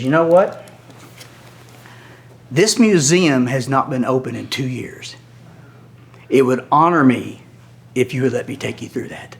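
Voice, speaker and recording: An older man telling a story with lively, animated delivery, often dropping to a hush. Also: medium pitch. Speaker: guest storyteller.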